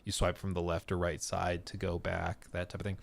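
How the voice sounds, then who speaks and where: A man's voice: low-pitched, monotone, a little fast, vocal fry. A man hosting a live stream, chatting casually and laughing often. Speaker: streamer host.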